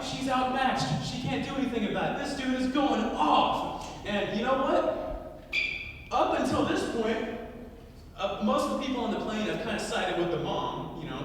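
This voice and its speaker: A man from Louisiana hosting a comedy show, telling a crude story in a lively stand-up manner. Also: high voice, a little hiss or hum. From Louisiana, US South. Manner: lively, crude, swings from quiet to loud. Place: comedy club. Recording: echoey club, mic far off.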